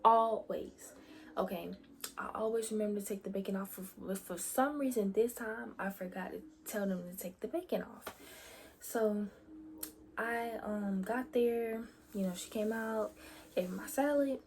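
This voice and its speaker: A woman's voice: mid-range voice, a little slow, a little hiss or hum. Chatty young woman with whispered asides. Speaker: vlogger. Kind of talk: casual storytelling about faith.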